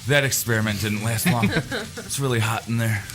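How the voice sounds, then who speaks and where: Bright-voiced jokey male radio host. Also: mid-range voice, big pitch swings, normal speed, faint music behind. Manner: jokey, rambling, teasing the co-hosts. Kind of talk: casual joking radio banter.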